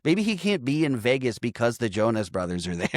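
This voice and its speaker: An animated man with a lively, swooping voice, retelling a comedy film scene by scene and acting out each line. He swears freely and laughs along, and the room sounds dry. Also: mid-range voice, brisk, dry recording. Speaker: podcast co-host. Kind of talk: casual movie recap chat.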